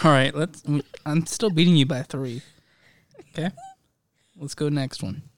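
A woman's voice: low voice, unhurried, no room sound. A woman in casual chat during a guessing game, teasing playfully and laughing often.

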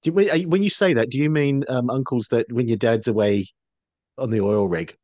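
A man co-hosting a podcast in casual chat, chiming in with dry, quick remarks. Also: mid-range voice, a little mellow, no room sound, dull audio. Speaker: podcast co-host.

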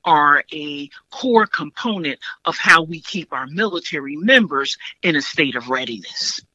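A woman hosting a podcast, speaking in a measured, articulate and affirming way. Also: low-pitched, expressive, pushed and bright, dry recording. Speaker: podcast host. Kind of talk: podcast interview. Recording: dull dry lo-fi recording.

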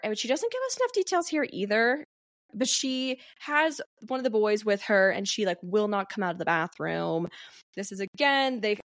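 A woman's voice: mid-range voice, no room sound. Chatty woman recapping a book, dry sound. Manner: chatty, frequent "um" and "like", reads quotes aloud. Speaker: podcast host. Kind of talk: casual book recap chat.

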